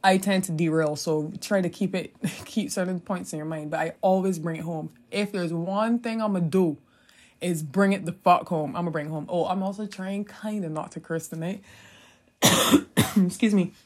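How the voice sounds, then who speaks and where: A young woman in her twenties with a Caribbean English accent talks through her solo podcast in a loose, rambling monologue. Her voice sits a little low, and she drifts off topic, swears freely and laughs along the way. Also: moderate pace, a little mellow. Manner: chatty, digressive, swears freely, laughs often. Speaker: podcast host.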